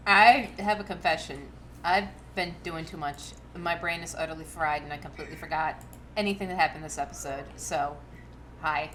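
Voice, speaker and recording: A woman's voice: low voice, normal speed, fairly bright tone, a little hiss or hum. A woman co-hosting a casual podcast, playful and teasing, rambling into little rants. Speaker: podcast co-host.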